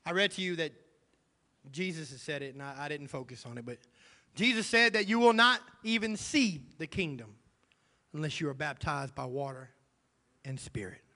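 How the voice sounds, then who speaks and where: High, bright-voiced preaching pastor. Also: male voice, sing-song, normal speed. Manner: emphatic, repeats key phrases. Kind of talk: sermon. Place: church sanctuary. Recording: long church hall reverb.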